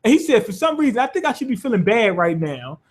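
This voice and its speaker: A man's voice: sits high, very animated, fast talker. A man casually reviewing a manga chapter, rambling and swearing freely, amused by the story. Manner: rambling, profane, loose and amused.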